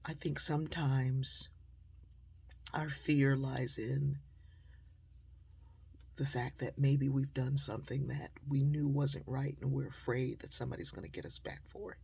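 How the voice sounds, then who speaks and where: Storytelling speaker, woman, gravelly and husky, animated, acts out dialogue. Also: extremely low pitch. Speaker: motivational speaker. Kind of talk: storytelling talk.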